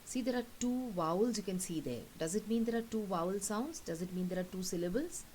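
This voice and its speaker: A woman's voice: medium pitch, lively intonation, brisk, darkish tone, a little hiss or hum, rough recording. A woman teacher, patiently explaining a lesson and checking understanding with frequent questions. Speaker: English teacher. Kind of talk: recorded classroom lesson.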